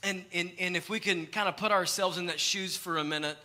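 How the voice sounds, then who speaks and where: A young adult male pastor, preaching a sermon with animated storytelling and acted-out quotes. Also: high-pitched, a little fast.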